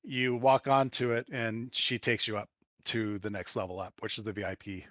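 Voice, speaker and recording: A man's voice: on the low side, flat delivery, normal speed, a bit bright, dry recording. Rambling male game master, dull lo-fi sound. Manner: casual, rambling, self-correcting narration. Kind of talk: narrating a tabletop role-playing game.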